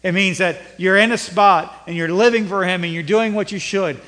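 High-voiced preacher in an echoing hall. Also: male voice, normal speed, bright, forceful tone. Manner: rising to emphatic peaks, then dropping low and conversational. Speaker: pastor. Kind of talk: sermon. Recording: long reverb of a church hall.

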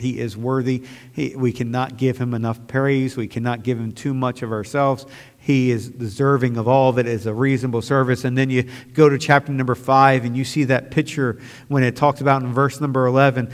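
Male pastor, sermon, quiet then suddenly fervent and loud, mid-pitched voice, long hall reverb. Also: fairly even intonation, normal speed. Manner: swings from quiet reflection to loud fervent outbursts.

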